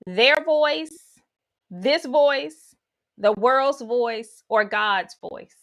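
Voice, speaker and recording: Slow-spoken woman teaching on faith. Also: on the high side, a bit bright. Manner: guides listeners through imagery, with folksy asides. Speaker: spiritual teacher. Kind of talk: spiritual teaching talk.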